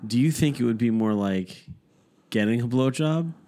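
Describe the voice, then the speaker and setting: A father in his thirties co-hosting a casual podcast chat. He tells stories at an easy pace and makes fun of himself along the way. His voice sits in a plain, mid-range pitch. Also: lively intonation, moderate pace, dark tone. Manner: laid-back storyteller, self-deprecating. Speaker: podcast co-host.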